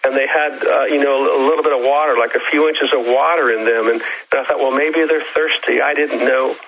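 A man, a guest evangelist, earnestly recounting an experience in a halting way, often repeating his words. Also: mid-range voice, steady tone, a bit bright, slight background noise, rough recording. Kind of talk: storytelling interview answer.

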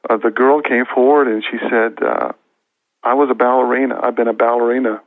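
A man with a gravelly, creaky voice tells an earnest testimony, stopping and restarting as he acts out what people said. The sound is thin and phone-like. It is dry and close, with no room around it. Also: mid-range voice, level tone, a little fast, no echo. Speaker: guest minister. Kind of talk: storytelling testimony. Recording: tinny phone-line audio.

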